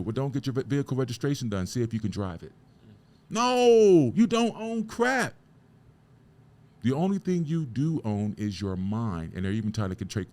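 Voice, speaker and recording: A man's voice: medium pitch, a little mellow. A man hosting a podcast, giving an emphatic, preachy motivational talk full of rhetorical questions and casual swearing. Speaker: podcast host.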